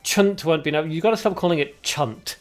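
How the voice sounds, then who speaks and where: Soft background music sits under this man's livestream as he calls a card game tournament play by play. His voice runs on the high side and he speaks a little fast. He keeps things chatty, joking with viewers and replying to chat between the game action.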